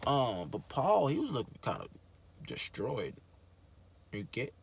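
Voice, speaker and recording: A man hosting his own show, reading a book aloud and breaking off into animated, slangy, swearing commentary. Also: mid-range voice, measured pace, gravelly, slightly rough. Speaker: host.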